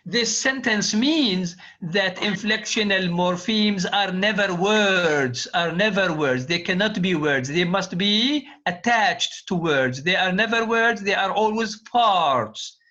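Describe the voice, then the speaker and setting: A man's voice: sits high, animated, takes it slowly, few pauses, sharp tone. A man lecturing on linguistics, repeating key phrases and quizzing his students. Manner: repetitive, drills students with quiz questions. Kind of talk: classroom lecture. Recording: dull lo-fi classroom recording.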